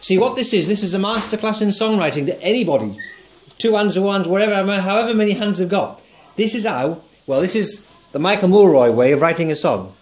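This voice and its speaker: A man with a high, brisk voice gives a one-to-one songwriting lesson. He's patient and encouraging, asks guiding questions, and sings short notes to demonstrate the tune.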